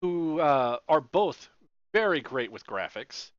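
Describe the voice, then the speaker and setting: Male podcast co-host, somewhat high voice, rambling casual delivery, dry muffled audio. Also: big pitch swings, takes it slowly, no echo. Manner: loose, rambling, with frequent "uh" fillers. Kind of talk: casual chat. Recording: dull lo-fi dry sound.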